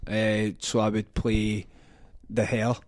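A man's voice: fairly low pitch, monotone, takes it slowly, no room sound. A young Scottish man on a football podcast panel, joking, laughing mid-sentence and making up nicknames. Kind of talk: casual football podcast banter.

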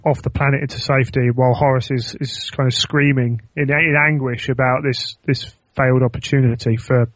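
A man's voice: medium pitch, steady tone, a little fast, hardly any pauses, no room sound. A man in casual discussion, explaining his view thoughtfully with frequent ums.

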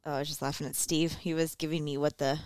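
A woman's voice: low-pitched, little pitch movement, quick pace, a little mellow, clean tone, dry recording. A woman chiming in playfully during a casual podcast chat.

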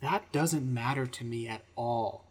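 A man co-hosting a casual podcast chat, with a middle-pitched voice. He builds his arguments in a measured, reasoned way, with a dry edge to how he pushes back. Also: slightly rough. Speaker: podcast co-host, game master.

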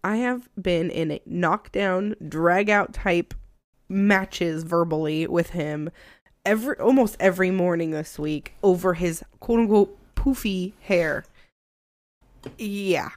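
A woman in her thirties co-hosting a podcast in casual chat, animated and laughing, sometimes stumbling over words. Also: on the low side, takes it slowly, no room sound, clean studio sound. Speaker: podcast co-host.

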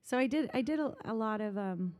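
A woman's voice: fairly high pitch, expressive, a little fast, a little mellow. A woman musician in her thirties in a casual interview, chatting animatedly, often laughing and rambling through stories. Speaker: musician guest.

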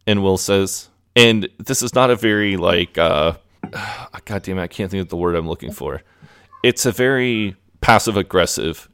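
A man's voice: low-pitched, fairly bright tone, clean tone. A man co-hosting a podcast, casually retelling a TV episode scene by scene and quoting the characters. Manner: retells scenes with quick quoted lines, laughing. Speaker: podcast co-host. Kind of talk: casual recap chat.

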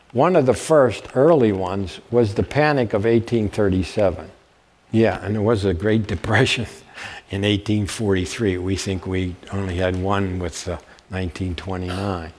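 A deep, darkish voice belongs to an older man lecturing publicly on history with slides in a warm lecture room. He's a folksy storyteller who regularly checks in with his audience using "okay?"

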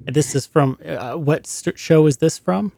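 A woman's voice: low-pitched, moderate pace, vocal fry, warm tone, slight background noise. A woman hosting a podcast, asking short, casual questions and chiming in with brief prompts. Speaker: podcast host.

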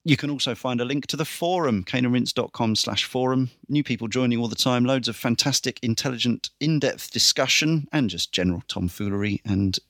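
A man hosting a casual podcast, briskly reeling off a list with dry little asides. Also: medium pitch, a bit bright, no room sound. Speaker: podcast host.

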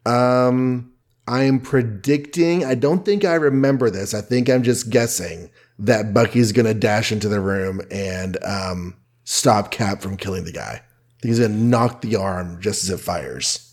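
A man co-hosting a podcast, explaining things in a measured, casual way with "um" pauses. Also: lowish voice, a little mellow. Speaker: podcast co-host. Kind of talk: casual chat about comics.

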